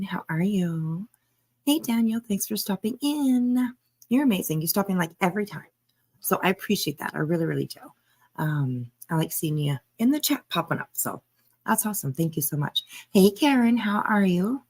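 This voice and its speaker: A woman hosting a live stream, a little hoarse, chatting casually and greeting viewers by name with frequent laughs. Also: medium pitch. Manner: chatty, laughs often, reads chat names aloud. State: hoarse, throat tickle.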